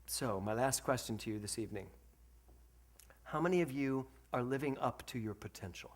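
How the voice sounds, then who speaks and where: A man giving a sermon at a spiritual center, telling stories in an animated, humorous way. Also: medium pitch, unhurried, slightly rough. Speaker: minister.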